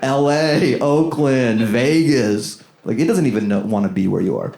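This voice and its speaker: A man's voice: medium pitch, unhurried, creaky. A man doing a loose, riffing stand-up comedy set in a small room with a live audience. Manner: loose, riffing, lively, swears freely. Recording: echoey room, audience laughter.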